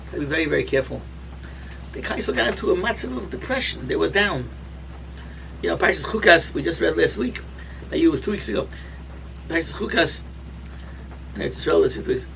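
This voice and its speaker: An older man with a New York accent giving a sermon as a rosh yeshiva, animated, swinging from loud exclamations to hushed asides and mixing in Yiddish and Hebrew words. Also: fairly high pitch, brisk, vocal fry, long pauses. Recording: distant mic with light background noise.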